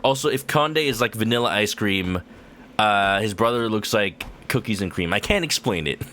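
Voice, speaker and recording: A young man streaming a game, chatting casually in a goofy, rambling way with sudden high silly yells. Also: animated, moderate pace, a little hiss or hum. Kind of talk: casual gameplay commentary. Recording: game music under the voice.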